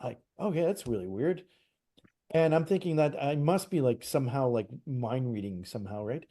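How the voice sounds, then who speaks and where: Warm-voiced man telling a story. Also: medium pitch, normal speed. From Canada. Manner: animated retelling, acts out quoted dialogue, frequent "like" and restarts. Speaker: interview guest, psychic medium. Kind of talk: casual storytelling.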